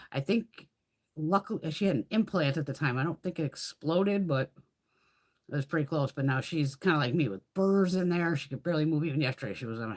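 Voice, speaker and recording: A woman hosting a beauty livestream, rambling casually with lots of swearing and laughter. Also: sits low. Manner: rambling, profane, laughs often. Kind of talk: casual livestream chit-chat.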